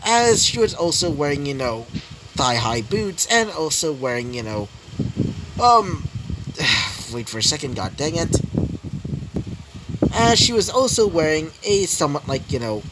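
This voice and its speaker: A man's voice: a little high, sing-song, moderate pace, background noise. A young man improvising a fan story, rambling with many fillers and self-corrections. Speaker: story narrator.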